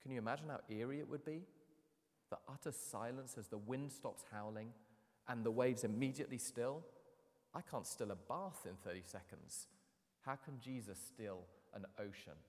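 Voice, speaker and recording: A man's voice: mid-range voice, normal speed. Male preacher in a reverberant hall. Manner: animated, dramatic storytelling with wide swings in loudness. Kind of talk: sermon.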